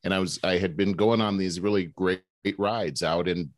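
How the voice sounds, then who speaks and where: Man, casual podcast co-host, low voice, dry close sound, animated storyteller. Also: normal speed, no room sound. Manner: animated storyteller, mimics squeaking sounds in high voice. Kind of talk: casual chat.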